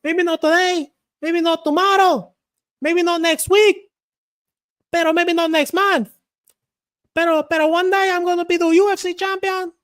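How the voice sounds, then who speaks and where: A high, strained fighter. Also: male voice, steady tone, normal speed, long pauses, fairly bright tone. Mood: defiant. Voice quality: high, strained, sing-song. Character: grown man cheering in Spanish-accented English, high and strained.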